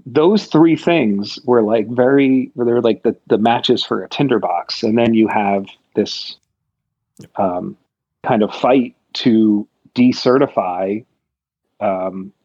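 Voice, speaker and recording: A man's voice: fairly low pitch, slow, darkish tone, husky, no room sound. An American man in casual political chat, rambling and thoughtful with many fillers and restarts, on a dull lo-fi recording. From United States.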